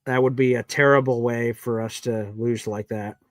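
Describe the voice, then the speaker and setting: A man hosting a live sports watch party, giving emotional play-by-play that swings from nervous muttering to loud cheering. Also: mid-range voice, fairly even intonation, moderate pace, no echo.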